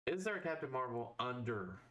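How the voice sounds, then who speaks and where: A man streaming live, casually thinking aloud as he weighs game cards, with fillers and quick verdicts. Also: mid-range voice, sing-song, a bit bright, muffled recording.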